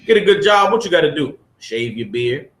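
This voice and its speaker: A man's voice: a little high, big pitch swings, normal speed. A man leading a preachy lesson for a group, reading aloud and pressing them with rhetorical questions. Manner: emphatic, fires rhetorical questions at listeners. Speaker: study group teacher. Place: room with a group of listeners. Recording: echoey room.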